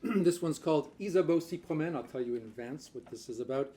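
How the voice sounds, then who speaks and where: A man's voice: on the high side, expressive, a little fast, dark tone, a little hiss or hum. A man from Newfoundland introducing a French folk song at a house concert with dry, wry humor. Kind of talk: casual stage banter at a concert. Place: living room house concert.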